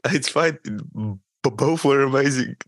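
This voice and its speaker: A man's voice: mid-range voice, takes it slowly. A man co-hosting a podcast in casual chat, joking, swearing freely and cutting in with questions. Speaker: podcast co-host.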